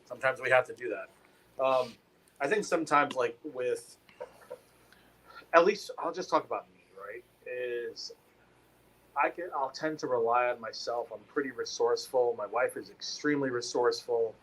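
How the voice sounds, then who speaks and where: A man's voice: medium pitch, normal speed, fairly bright tone, rough recording. A middle-aged man co-hosting a church podcast, talking in a rambling way with many fillers and restarts. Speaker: podcast co-host. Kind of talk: casual church podcast chat.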